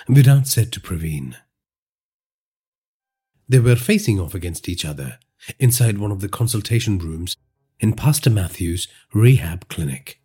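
A man with an Indian English accent narrates crime fiction in a measured, dramatic way. His voice is low, dark and husky, with a lively rise and fall. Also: soft background music. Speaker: podcast storyteller.

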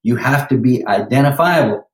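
A man's voice: medium pitch, expressive, normal speed, roomy sound, low-quality recording. A man who works as a vocal coach, talking animatedly in a podcast interview and breaking into sung lines now and then.

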